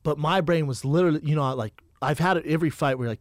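A man's voice: on the high side, fast talker, dry recording, clean studio sound. A middle-aged man chatting casually as a podcast guest, telling stories and acting out the dialogue. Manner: storytelling, acts out quoted dialogue, says "man" often. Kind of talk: casual chat.

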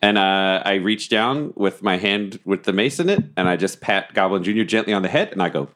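A man playing a tabletop game, animated and playful as he describes his moves. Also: deep voice, brisk. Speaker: player. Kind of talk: casual tabletop play.

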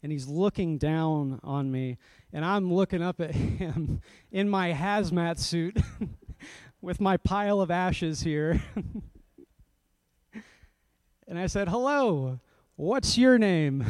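A man's voice: a little high, takes it slowly, darkish tone, smooth, dry recording. A man serving as a pastor, telling a self-deprecating story in a sermon and laughing often as he goes.

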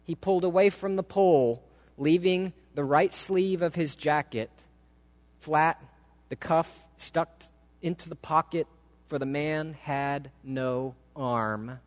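Slow, dramatic storytelling preacher. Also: male voice, a little high. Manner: dramatic, slow, emotive reading. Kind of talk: sermon storytelling. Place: church sanctuary. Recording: long hall reverb.

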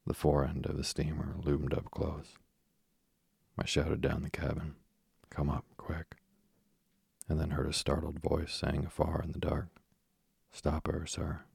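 A man with a deep gravelly voice, reading a story aloud slowly and softly for sleep. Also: dry recording, clean studio sound. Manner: soft, even, unhurried delivery. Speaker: narrator.

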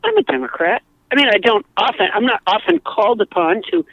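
A woman's voice: a little high, sing-song, fairly quick, dry recording, muffled recording. A woman comedian chatting as a podcast guest, telling rambling anecdotes with many restarts. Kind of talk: casual podcast chat.

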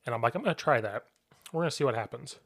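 Football coach guy telling stories, acts out the yelling, pretty dry mic sound. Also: mid-range voice, rapid-fire, dry recording. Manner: animated storyteller, acts out shouted quotes. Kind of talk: casual podcast chat.

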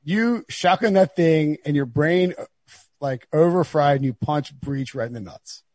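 A man hosting a sports podcast in casual, joking banter. His voice is a touch higher than most men's and slightly husky. The recording is dry and close. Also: unhurried, a little mellow, no room sound. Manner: joking, laughs often. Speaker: podcast host.

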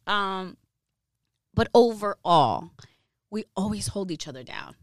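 Woman radio host, mid-range voice, candid and animated, dry close mic. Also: medium pitch, takes it slowly, dry recording. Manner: animated, candid, peppered with "you know what I mean" and curses. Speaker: radio host, guest on a podcast. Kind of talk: casual storytelling interview.

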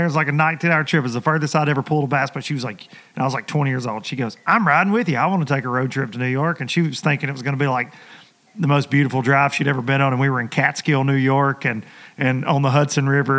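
A man's voice: medium pitch, a bit bright. A man with a Tennessee Southern accent hosting a casual chat, laid-back and telling stories, saying "dude" and "like" often. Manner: laid-back, storytelling, says dude and like a lot. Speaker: podcast host.

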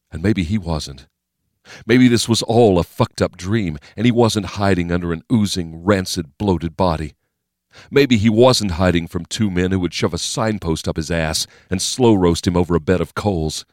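A man giving scripted narration of a thriller as an audiobook narrator, in a steady, measured, dramatic reading. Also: deep voice, no room sound, clean studio sound.

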